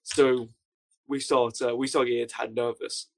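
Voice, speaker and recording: A young man telling a story as a podcast guest, with dry, deadpan understatement. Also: mid-range voice, moderate pace, creaky. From Wales. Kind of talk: casual storytelling anecdote.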